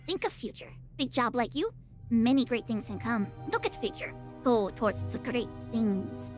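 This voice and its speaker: A woman's voice: fairly high pitch, very animated, normal speed, soft background music. A woman voicing a small rat-like creature elder who gives earnest advice in broken, simple speech.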